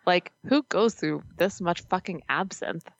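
A woman's voice: on the low side, a little slow, vocal fry, dry recording. A woman co-hosting a podcast in casual chat, blunt and joking, swearing casually. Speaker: podcast co-host.

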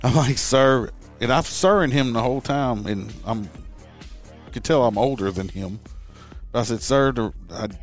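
With soft music in the background, a middle-aged former police officer tells a profane story on a podcast at a moderate pace in a medium-pitched voice. Chatting casually and animatedly, he acts out both sides of the argument.

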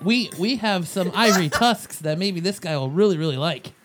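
A man's voice: high voice, lively intonation, normal speed, a crowd in the background. A man playing a tabletop game, speaking hesitantly with stammers. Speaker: player. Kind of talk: casual tabletop play.

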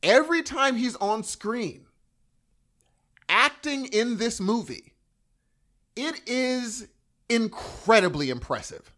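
A man co-hosting a podcast, talking casually and enthusiastically with frequent restarts. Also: extremely high pitch. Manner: animated, enthusiastic, quick bursts and restarts. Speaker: podcast co-host. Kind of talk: casual chat.

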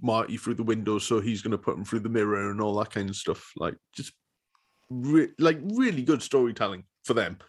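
A man's voice: lowish voice, brisk, breathy edge. A man co-hosting a podcast, chatting enthusiastically with lots of fillers. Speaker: podcast co-host. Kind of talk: casual chat.

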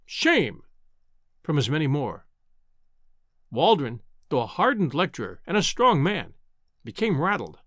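A man reading a classic novel aloud as an audiobook narrator, measured and expressive. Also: fairly high pitch, dry recording, studio quality.

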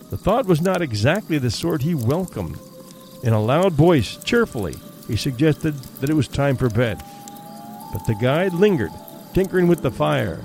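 A man narrates an eerie tale as an audiobook in a measured, steady way. His voice sits at a middle pitch, with faint music playing underneath. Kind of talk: audiobook narration of a ghost story.

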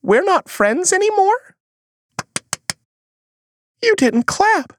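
A woman's voice: very high voice, sing-song, extremely slow, a little hiss or hum. A woman acting in a comedy sketch, whiny and melodramatic, with folksy old-timey phrasing.

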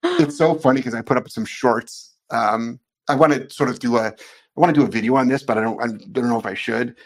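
A man hosting a casual podcast about dog training, animated, loud and blunt. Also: mid-range voice, fairly quick.

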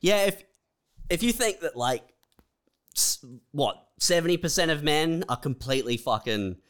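A man's voice: fairly high pitch, animated, normal speed, fairly bright tone. A man, co-hosting a podcast and dropping dry quips between laughs. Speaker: podcast co-host. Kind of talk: comedic banter.

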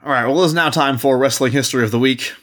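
A podcast co-host chats casually with a mid-pitched voice. The tone is teasing and playfully bossy toward the co-host. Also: racing, a bit bright. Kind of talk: casual chat.

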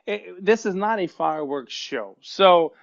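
A man's voice: sits high, lively intonation, a little slow, creaky, no echo, dull audio. A man in his forties from Louisiana with a faint Louisiana accent, co-hosting a podcast in rambling casual chat. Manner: rambling, restarts and self-corrections. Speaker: podcast co-host.

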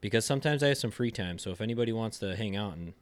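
A man's voice: lowish voice, animated, rapid-fire. A man from Wisconsin with a Wisconsin accent, co-hosting a podcast in a joking, casual chat. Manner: joking, playful banter. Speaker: podcast co-host, athletic trainer.

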